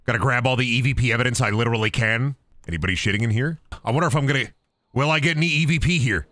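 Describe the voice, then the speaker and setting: A man's voice: medium pitch, rapid-fire, fairly bright tone, no room sound, studio quality. A young man streaming a ghost-hunting game, joking and swearing as he plays and slipping into silly put-on voices. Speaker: gaming streamer. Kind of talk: casual live-stream commentary while playing.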